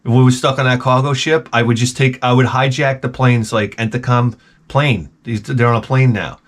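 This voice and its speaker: Guy rambling on his gaming channel, cussing a lot, joking around, mid-pitched voice jumping around. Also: steady tone, normal speed. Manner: profane, joking, rambling tangents. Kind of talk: rambling comedic monologue.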